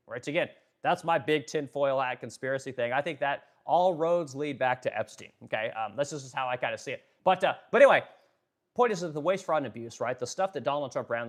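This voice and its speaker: A man hosting a political livestream, ranting, swearing freely, using many fillers, and stopping to read and answer viewer chat. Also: medium pitch. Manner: fast-talking, ranting, profane, filler-heavy. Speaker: livestream host.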